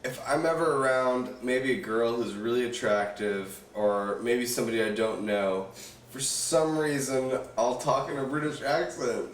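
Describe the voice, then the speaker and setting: A young man co-hosts a casual podcast, relaxed and laughing easily. His voice is mid-pitched and ordinary. The mic sits back from him in an echoey room with faint noise. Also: a little slow, distant mic. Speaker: podcast co-host. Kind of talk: casual chat.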